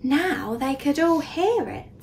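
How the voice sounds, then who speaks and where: A nursery teacher reading a storybook aloud to young children, expressive and pausing to ask questions. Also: female voice, high-pitched, recorded from a distance, noisy background.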